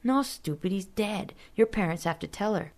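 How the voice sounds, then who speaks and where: A woman's voice: mid-range voice, animated, normal speed, darkish tone, a little hiss or hum, natural voice. Woman doing a sneering, mocking child.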